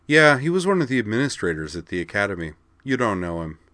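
A man's voice: on the low side, big pitch swings, fast, dry recording. A man voicing a casual, easygoing teenage girl duelist who talks bluntly and teases a little, in a read-aloud story. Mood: breezy. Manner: casual, offhand, quietly teasing. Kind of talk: audiobook character reading.

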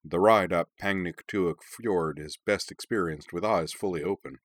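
A man voicing a cheerful, kindly middle-aged father in an audiobook reading, with a deep voice. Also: normal speed, no echo, lightly acted. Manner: cheerful, friendly.

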